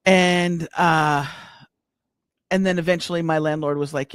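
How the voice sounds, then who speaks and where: A middle-aged American woman chatting as a guest business coach, warm and halting, with many restarts. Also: deep voice, steady tone, smooth, no echo, studio quality. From United States. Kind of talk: casual interview chat.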